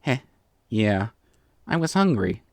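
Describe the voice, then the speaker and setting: A man's voice: medium pitch, big pitch swings, moderate pace, no room sound. A man voicing a brash tomboyish young female pegasus pony who coaxes and pleads, from a storybook reading. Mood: cocky coaxing. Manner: cocky, pleading, wheedling.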